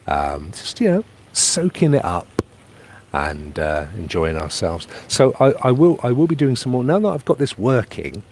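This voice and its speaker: A man's voice: mid-range voice, big pitch swings, normal speed, darkish tone, slight background noise. A man from England chatting casually on a live stream from a holiday pool, reading out viewer comments and rambling about his trip. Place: outdoors by a private pool on holiday.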